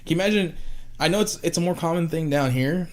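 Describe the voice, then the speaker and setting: A man's voice: fairly high pitch, quick pace, a little mellow. A young man co-hosting a podcast, chatting loosely with a lot of laughing and swearing. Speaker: podcast co-host. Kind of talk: casual chat.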